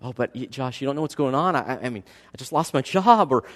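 A male pastor in his thirties giving a dynamic sermon, swinging between hushed and loud passages. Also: mid-range voice, lively intonation, quick pace. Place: church sanctuary. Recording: long reverb of a church hall.

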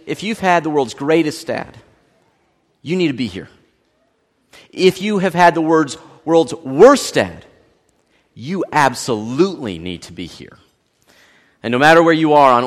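A man preaching a sermon, telling stories animatedly and swinging between loud and hushed. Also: fairly high pitch, big-room sound. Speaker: pastor. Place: large church sanctuary.

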